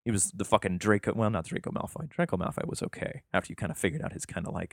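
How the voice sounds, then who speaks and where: A man's voice: low-pitched, expressive, dry recording, clean studio sound. A man reading scripture aloud and breaking off into profane, rambling, sarcastic asides in casual commentary. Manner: slow emphatic reading of scripture passages.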